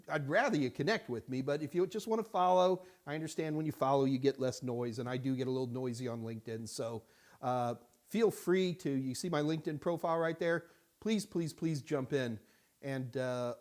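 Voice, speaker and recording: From a Houston studio, a man hosts a live-stream Q&A, answering viewer questions, chatting casually, joking, and greeting people by name. His voice is on the high side with a darkish tone.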